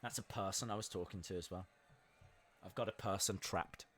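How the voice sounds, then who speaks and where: A man hosting a live wrestling watch-along stream, commenting in a jokey, excitable way and breaking into shouts at big moments. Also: low voice, fairly quick.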